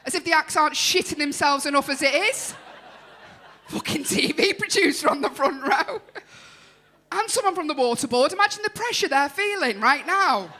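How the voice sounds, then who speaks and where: A woman's voice: high-pitched, expressive, moderate pace, pushed and bright. A woman with a Liverpool accent, compering a comedy night on stage with brash, sweary banter aimed at the crowd. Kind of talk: stand-up compering.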